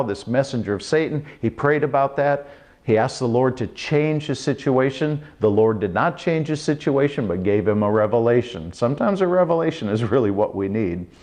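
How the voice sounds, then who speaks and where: A man preaching a short Bible teaching in a lively way, acting out the quotes with big jumps in pitch.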